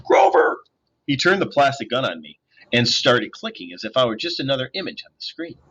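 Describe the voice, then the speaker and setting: A man reading a novel aloud in an expressive, storytelling manner. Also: medium pitch, a little fast, slightly rough, lo-fi sound. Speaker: audiobook reader.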